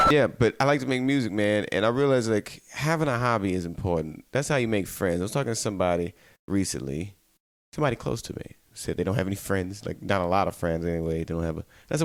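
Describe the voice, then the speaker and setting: A tired man hosting a solo podcast, chatting casually, laughing often and slipping into quick quoted voices. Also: lowish voice, lively intonation, no room sound. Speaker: podcast host.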